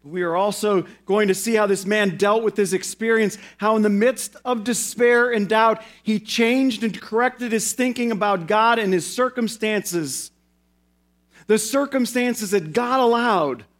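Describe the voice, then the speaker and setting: A male pastor preaching a sermon in an earnest way, slowing down and repeating phrases for emphasis. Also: sits high, a bit bright.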